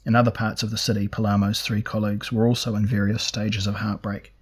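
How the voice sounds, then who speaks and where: A man narrating a fantasy novel in a measured, even storytelling manner. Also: lowish voice, husky. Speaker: audiobook narrator.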